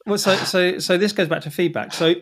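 A man's voice: sits high, lively intonation, moderate pace, slight background noise. A man talking casually as a podcast guest, chatty and self-deprecating, often restarting his sentences. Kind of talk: casual conversation.

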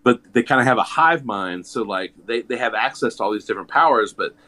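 A man's voice: mid-range voice, expressive, a little fast, pushed and bright. A man chatting casually as a guest who wrote a zine, talking in loose, rambling sentences full of fillers and restarts. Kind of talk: casual chat.

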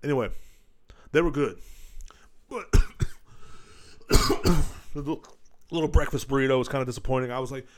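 A middle-aged comedy podcast host rants crudely and rambles, imitating voices mockingly along the way. His medium-pitched voice moves at a normal speed, broken by long pauses.

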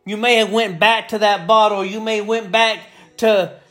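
A man's voice: sits high, fairly even intonation, moderate pace, fairly bright tone, faint music behind. A man preaching a sermon with fervor, repeating phrases and building in intensity. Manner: fervent, repetitive, builds in intensity.

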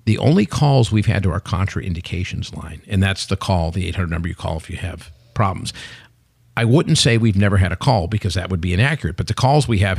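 Casting: man in his sixties, quick and gravelly, punchy pitchman storytelling, close dry mic. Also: no echo. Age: 60s. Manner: animated storyteller, salesman-like, emphatic. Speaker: podcast guest, company CEO. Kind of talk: casual interview chat.

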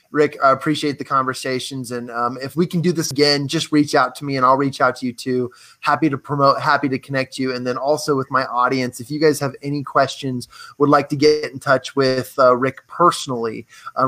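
Brief: male show host, bright forceful tone, enthusiastic, chatty, on a video call. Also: mid-range voice. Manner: upbeat, enthusiastic. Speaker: podcast host. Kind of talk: casual interview chat.

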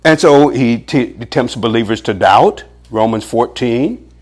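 A man preaching a sermon in an animated way, with chuckles and measured scripture readings. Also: husky. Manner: animated, pitch jumps for emphasis, chuckles often; reads scripture aloud in an old-fashioned, measured cadence.

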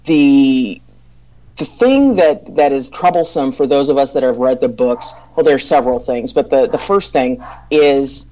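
A woman co-hosting a podcast, talking slowly in casual discussion, hesitant with many ums and restarts. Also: a bass voice, mellow, muffled recording. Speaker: podcast co-host.

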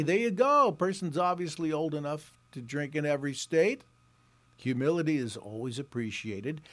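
A man in his sixties, a reporter hosting a scripted commentary show, talking in a sarcastic and wry way and mocking the pitches he reads aloud. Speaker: reporter and podcast host.

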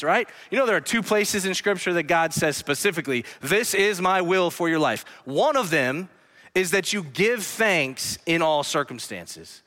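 A man pastor preaching a sermon in a church, earnestly swinging between hushed lines and emphatic ones. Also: a little high, animated, moderate pace. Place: church sanctuary. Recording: long hall reverb.

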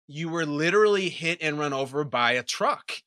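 Male talk host, playful questioner, slightly high pitch, bright tense voice. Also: expressive, moderate pace, no room sound, clean studio sound. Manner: playful, upbeat, leading questions. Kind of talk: casual interview.

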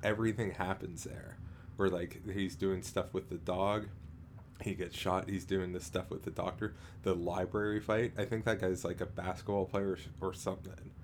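A man's voice: low-pitched, flat delivery, a little hiss or hum. A man co-hosting a podcast in casual chat, rambling with lots of fillers and restarts. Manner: rambling, halting, filler-heavy, frequent laughs. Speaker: podcast co-host.

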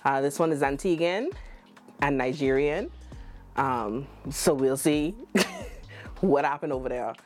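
A Bahamian woman with a low, full voice hosts a relaxed podcast. She teases her co-hosts in a playful, animated way. Faint music plays underneath. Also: measured pace. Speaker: podcast host. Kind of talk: casual podcast chat.

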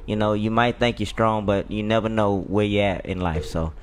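A man co-hosting a casual podcast chat, telling stories in an animated way and laughing as he talks. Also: lowish voice, moderate pace, background noise.

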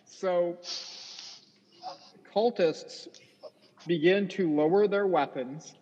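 A man running a tabletop game as game master, easygoing and measured as he lays out what happens. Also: sits high, a little mellow, slight background noise. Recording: dull roomy recording with long reverb.

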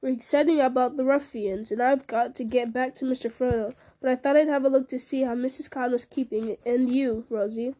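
A loyal, plain-spoken hobbit, as a woman reads him, earnest and homely in manner. The voice stays high and mellow, a gentle storybook reading. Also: steady tone, a little fast, hardly any pauses, close to an everyday voice. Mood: abashed.

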